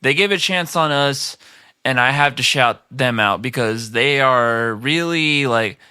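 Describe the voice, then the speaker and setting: A laid-back man talking casually on a podcast. He swears freely and circles back to the same phrases. His voice is bright and clean, and the recording is dry and close. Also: mid-range voice, measured pace, clear, resonant tone, no echo. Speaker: podcast guest, musician.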